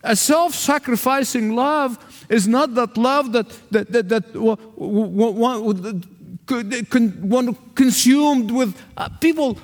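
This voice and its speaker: High-voiced preacher in a reverberant hall. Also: male voice, takes it slowly. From Arab world. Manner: emphatic, repetitive preaching cadence. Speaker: pastor. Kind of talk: sermon.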